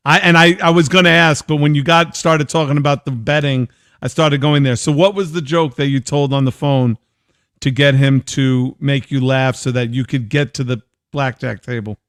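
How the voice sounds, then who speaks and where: Clear-voiced chatty male host. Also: medium pitch, steady tone, moderate pace, a bit bright, no echo, clean studio sound. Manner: loose, chatty, reads listener comments aloud. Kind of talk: casual interview chat.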